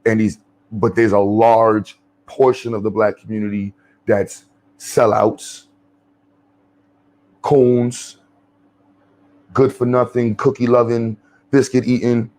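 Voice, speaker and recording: A man's voice: lowish voice, steady tone, slow, pauses often, darkish tone. A man hosting his channel, giving blunt, profane off-the-cuff commentary. He rambles with many fillers and restarts.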